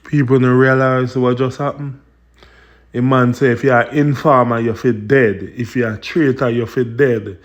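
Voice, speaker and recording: A man's voice: medium pitch, fairly even intonation, normal speed, muffled recording. A man with a Jamaican accent hosting commentary on video clips, addressing viewers in patois with an indignant, explaining tone. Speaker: commentary host.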